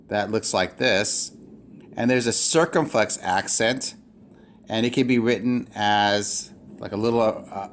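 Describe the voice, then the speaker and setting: A man teaching a recorded language lesson, speaking haltingly with many fillers and restarts. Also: on the low side, a little hiss or hum. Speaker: Greek teacher. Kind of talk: recorded lecture.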